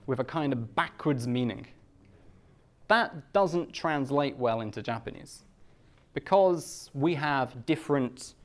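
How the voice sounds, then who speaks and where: A British man explaining culture to language learners, stretching key words slowly and deliberately. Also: a little high.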